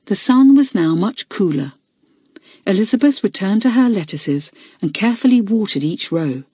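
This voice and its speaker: A woman narrating a children's book in a clear, measured storytelling manner. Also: mid-range voice, expressive, warm tone, dry recording, clean studio sound. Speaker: audiobook narrator. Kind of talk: scripted narration.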